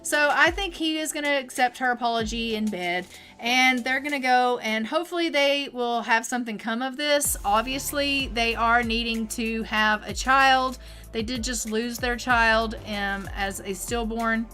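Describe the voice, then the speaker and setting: A woman streamer talking through a life-sim game in a loose, chatty way, full of fillers and asides. Her voice is bright and fairly high, and faint music plays underneath. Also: unhurried. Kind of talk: casual let's-play commentary.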